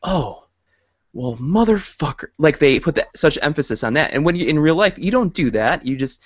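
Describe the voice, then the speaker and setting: A man's voice: fairly high pitch, expressive, quick pace, no echo. Chatty male host, dry lo-fi sound. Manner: chatty, laughs easily, filler-heavy. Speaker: podcast host. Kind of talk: casual podcast chat. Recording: dry, dull lo-fi audio.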